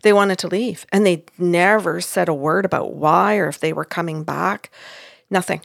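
A woman's voice: fairly low pitch, normal speed, creaky, dry recording, clean studio sound. A woman who works as a psychic medium, recounting a session in casual chat and acting out the others' words. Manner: animated, acts out quotes of others.

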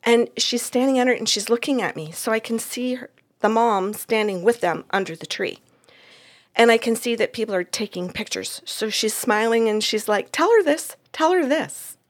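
A woman telling a story from a client session in a casual, animated way, acting out the voices in it and laughing often. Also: on the high side, normal speed.

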